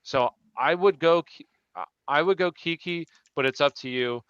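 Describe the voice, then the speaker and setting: A man's voice: on the high side, unhurried, fairly bright tone, clear, resonant tone, dry recording, muffled recording. A man hosting a live question-and-answer stream, chatting casually and restarting his sentences as he answers viewers. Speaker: fantasy football show host.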